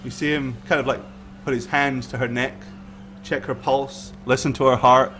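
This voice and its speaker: A man's voice: medium pitch, flat delivery, normal speed, background noise. A man narrating a tabletop game as game master in a casual, hesitant way, with many fillers.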